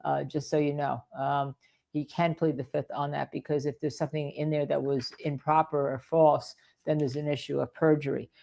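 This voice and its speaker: A woman's voice: sits low, little pitch movement, normal speed, vocal fry, mellow. An older woman who is a defense attorney, hosting live legal commentary in a rambling way and repeating points for emphasis.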